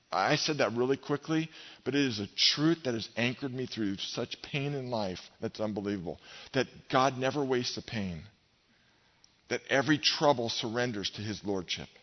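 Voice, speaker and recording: A middle-aged male pastor delivers a fervent sermon in a church sanctuary. His voice climbs for the scripture quotes and sinks low and soft for his personal stories. The sound is dull and lo-fi, with a long reverb trailing through the hall.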